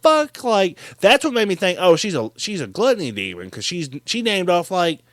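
Brief: man, slightly high voice, dry close sound, excitable and profane podcast co-host recapping a film. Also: moderate pace, no room sound. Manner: animated, swears freely, mimics characters. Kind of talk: casual profane movie recap chat.

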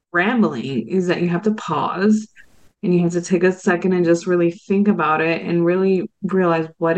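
A woman's voice: fairly low pitch, muffled recording. A woman hosting a podcast, interviewing her guest and asking curious follow-up questions. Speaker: podcast host.

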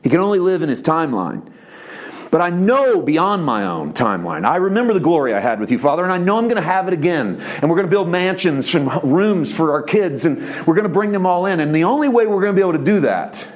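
Animated preacher man, lively pitch. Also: fast. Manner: animated preaching, shifts between soft low tones and raised emphasis; voices quoted speech in a conversational preacher's tone. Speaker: pastor. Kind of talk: sermon.

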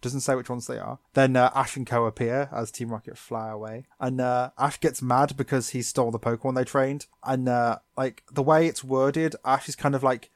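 A man co-hosting a podcast, sarcastically recapping a cartoon episode in animated storytelling. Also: mid-range voice, normal speed, dry recording, clean studio sound. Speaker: podcast co-host.

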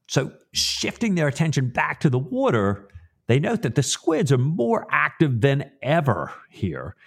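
A man on a book podcast, retelling a chapter in a relaxed, chatty way with light humor. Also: fairly high pitch, measured pace, gravelly, husky. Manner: relaxed and chatty, with "you know" fillers and light laughs. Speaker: podcast co-host.

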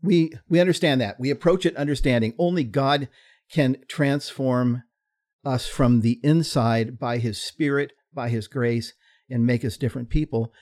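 A man with a mid-range voice co-hosts a faith podcast. He explains doctrine in conversation, measured and teacherly. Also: medium pitch, darkish tone. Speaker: podcast co-host.

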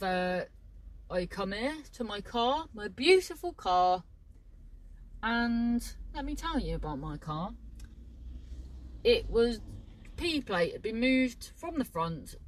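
A woman talks to the camera in loose, casual chat. She rambles, swears freely and drops thoughts halfway to start new ones. Her voice sits at an ordinary pitch for a woman. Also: a little hiss or hum, low-quality recording. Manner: rambling, chatty and sweary, trailing off mid-sentence. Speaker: vlogger.

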